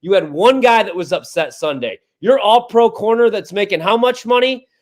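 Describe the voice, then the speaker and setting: A man's voice: sits high, expressive, moderate pace. A man co-hosting sports talk radio, ranting in a fired-up, exasperated way. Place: radio studio.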